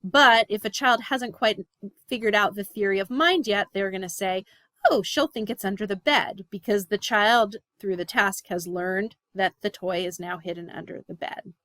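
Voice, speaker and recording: A woman's voice: mid-range voice, moderate pace, bright, forceful tone, no room sound. A woman giving a recorded class lecture, explaining terms with frequent "um" and "right?" check-ins.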